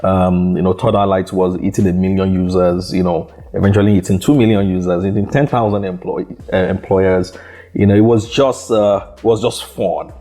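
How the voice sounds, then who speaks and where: Low, mellow-voiced man in a halting interview. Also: fairly even intonation. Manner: hesitant, many repeated words and "you know" fillers. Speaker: startup founder guest. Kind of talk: conversational interview.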